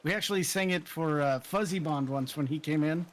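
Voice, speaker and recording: A man's voice: a little high, brisk. A man filling in for the streamer, chatting in a playful, jokey, rambling way during a gaming stream. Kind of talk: casual gaming chat.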